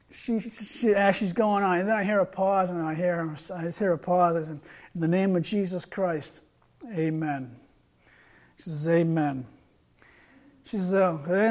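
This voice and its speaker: A man's voice: high voice, darkish tone. A man preaching a sermon, reading scripture aloud and retelling a street conversation, earnest with frequent repeated words and restarts.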